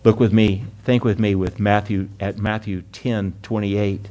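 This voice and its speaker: A man preaching a sermon to his congregation, earnest, calling them friends and beloved, rising loud on key words and slowing down to read scripture. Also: lowish voice, steady tone. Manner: earnest preaching, drops loud then soft for emphasis, slows on scripture. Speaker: pastor.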